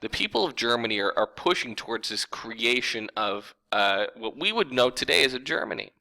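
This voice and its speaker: A man's voice: mid-range voice, very animated, moderate pace, creaky, sharp tone, poor audio. A man teaching a history lecture in a casual, conversational way, talking straight to his viewers. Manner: conversational, informal, addresses viewers as folks.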